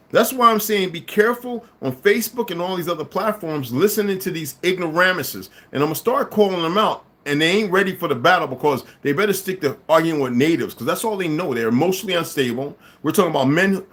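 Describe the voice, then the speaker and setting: Combative man, lively swinging pitch. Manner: combative, swings from low mutters to loud emphatic outbursts. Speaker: livestream commentator. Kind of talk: live monologue to viewers.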